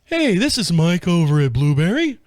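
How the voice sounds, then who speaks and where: A man acting out a friendly male software company founder, who talks in an upbeat and reassuring way. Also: sits high, big pitch swings, normal speed, no echo.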